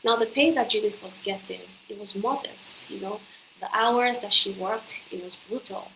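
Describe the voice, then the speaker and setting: An earnest woman at a mid pitch delivers a motivational talk to the listener, coaching them on careers. Her voice rings in a reverberant room. A faint hum of ambience sits behind her. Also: moderate pace, sharp tone. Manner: earnest, persuasive direct address. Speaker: company executive and career coach.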